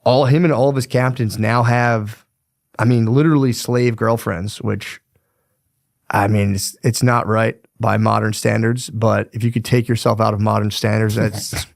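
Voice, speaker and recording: A man's voice: lowish voice, level tone, moderate pace, vocal fry, no room sound, studio quality. Profane, slangy male podcast host. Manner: profane, slangy, rambling with fillers. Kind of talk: casual history storytelling.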